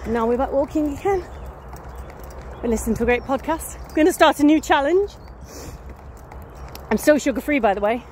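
A woman in her fifties with a Nottingham English accent, rambling playfully to her phone as she walks a country lane. Her voice sits high, with a sniffly edge. Faint outdoor noise hums behind her. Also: animated, moderate pace, long pauses, darkish tone. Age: 50s. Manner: chatty, whimsical, playful with made-up words. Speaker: vlogger. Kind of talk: casual rambling chat to camera.

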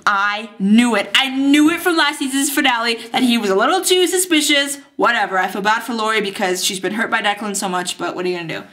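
Young woman, casual TV recap vlog, high bright voice, bubbly, echoey bathroom sound. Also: lively intonation, fast, few pauses, distant mic. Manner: bubbly, acts out scenes in silly voices. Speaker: TV recap vlogger. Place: bathtub.

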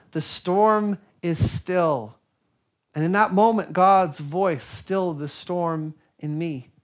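High-voiced man preaching slowly and earnestly. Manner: earnest, reflective storytelling with soft pauses. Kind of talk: sermon.

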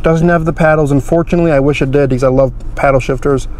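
A man's voice: fairly high pitch, steady tone, quick pace, darkish tone. A young man hosting a car channel, giving an easygoing, chatty walkthrough of his car's features.

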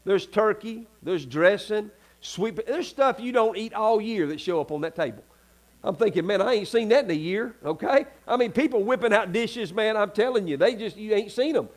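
A Southern US man preaches a sermon in a church, his voice sitting high for a man. He talks in a folksy, chatty way and keeps turning to the congregation with quick asides. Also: animated. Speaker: pastor. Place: church sanctuary.

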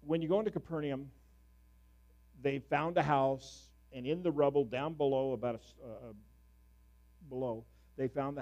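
A middle-aged man preaching a sermon as a pastor, telling stories with sudden loud, animated bursts. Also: mid-range voice, muffled recording.

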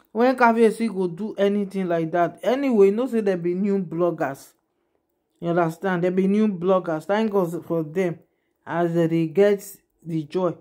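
A woman's voice: mid-range voice, a little mellow. A woman speaking in a Nigerian Pidgin accent, giving casual gossip commentary to her viewers and often turning to them with asides. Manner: chatty, addresses viewers directly with repeated asides. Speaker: gossip vlogger.

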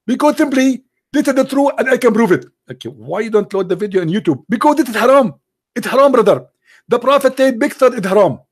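A man's voice: very high voice, lively intonation, fast, pitched above the performer's own voice. A man putting on the voice of a pompous, overconfident preacher who declares every answer certain. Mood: declaiming.

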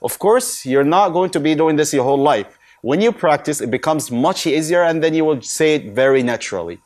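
A man with a slightly high voice teaching correct recitation. He drags each model word out slowly and poses questions to the listener before answering them himself. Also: expressive, darkish tone. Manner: slow, drawn-out model recitation between quick explanations. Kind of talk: recitation lesson.

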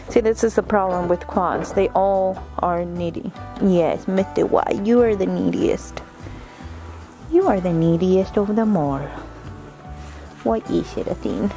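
Middle-aged woman, slow, mellow affectionate baby talk to goats, lively pitch swings. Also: faint music behind, low-quality recording. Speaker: homesteader vlogger. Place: goat pen on a farm.

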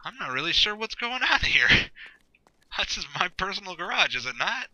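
A man's voice: high voice, very animated, moderate pace, bright, forceful tone, dry recording, low-quality recording. A man giving rambling, sarcastic gameplay commentary, swearing often and talking to himself as he plays. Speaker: gameplay video host.

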